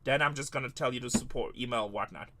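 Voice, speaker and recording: A man's voice: mid-range voice, fast, noisy background. A man hosting a live card-breaking stream, tired, chatting loosely and joking back at viewers' comments. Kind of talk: casual livestream chat to viewers.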